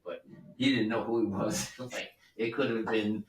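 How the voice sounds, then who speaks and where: This seventy-something man, a record producer and guest musician, delivers rambling, easygoing anecdotes full of digressions. His lowish voice has a fairly bright tone and normal speed, while the recording is roomy and off-mic.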